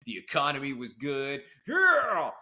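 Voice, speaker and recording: Bright-voiced enthusiastic male podcaster. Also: medium pitch, animated, normal speed. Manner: enthusiastic, rambling, full of asides. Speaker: podcast co-host. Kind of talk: casual podcast chat.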